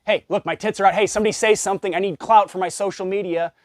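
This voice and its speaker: A man's voice: high voice, steady tone, rapid-fire, no room sound, studio quality, pitched above the performer's own voice, close to an everyday voice. A man putting on a mocking voice of a whiny, attention-seeking young mother. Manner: whiny, taunting, sarcastic.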